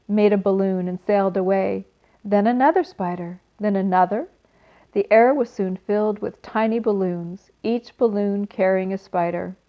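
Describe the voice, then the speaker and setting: A woman reading a children's book aloud in a gentle, expressive way, adding small asides for her listeners. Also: mid-range voice. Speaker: storyteller. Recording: slightly dull recording.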